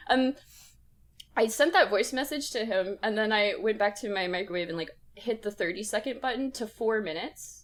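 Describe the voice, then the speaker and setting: Laughing often and animated, a young podcast co-host tells a story during casual chat. She speaks at a normal speed in a medium-pitched voice.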